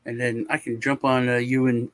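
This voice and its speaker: A man's voice: medium pitch, level tone, normal speed. A man hosting a show, telling a long story in casual chat over a video call, with lots of restarts and sighs. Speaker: show host.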